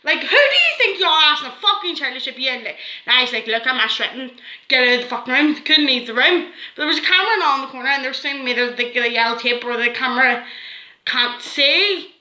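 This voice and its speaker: A woman's voice: high voice, animated, fairly quick, bright, forceful tone, roomy sound, poor audio. A woman with a Northern Irish accent telling a story to camera in a rambling, swearing way, full of "like" fillers. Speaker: vlogger.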